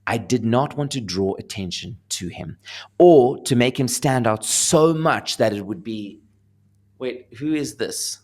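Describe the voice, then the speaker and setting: A young adult man with a South African accent, an actor talking casually in an interview and telling lively stories. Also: medium pitch, unhurried. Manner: animated storyteller, laughing, acting out voices.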